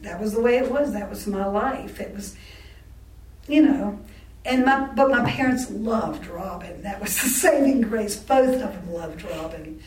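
A woman in her sixties recounting her life in an oral history interview, halting and full of restarts and self-corrections. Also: on the high side, a little mellow. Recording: roomy sound from a distant mic.

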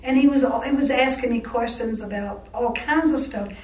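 A woman being interviewed, her voice set a touch high, and she speaks candidly, often restarting her sentences and breaking into wry laughs. She sits some way from the mic in a reverberant room. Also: darkish tone. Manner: candid, halting with frequent restarts; laughs wryly between remarks. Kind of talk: oral history storytelling. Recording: roomy sound from a distant mic.

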